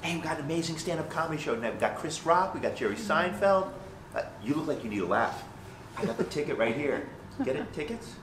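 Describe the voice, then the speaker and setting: A man's voice: a little high, expressive, fast, reverberant, noisy background, natural voice. A man mimicking a pushy ticket barker. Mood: wheedling. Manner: wheedling sales patter.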